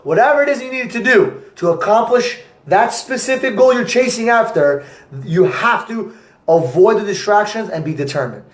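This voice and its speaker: A young man, an entrepreneur, giving an energetic motivational talk to camera with repetitive, punchy phrasing. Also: high voice, brisk. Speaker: entrepreneur vlogger. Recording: echoey room.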